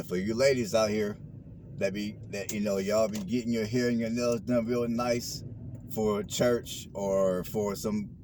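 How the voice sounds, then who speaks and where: A man with a lowish voice lectures in loose street slang, circling back to the same lines again and again. He talks from inside a moving car, and road noise hums clearly under him. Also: a little mellow. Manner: preachy, repeats phrases, street slang. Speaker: vlogger. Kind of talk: casual talk while driving.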